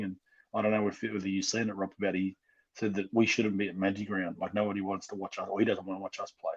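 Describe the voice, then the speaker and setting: A man's voice: lowish voice, husky, dull audio. An Australian man with a passionate manner, chatting on a fan podcast and getting fired up. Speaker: podcast co-host, fan guest. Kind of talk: casual fan podcast chat.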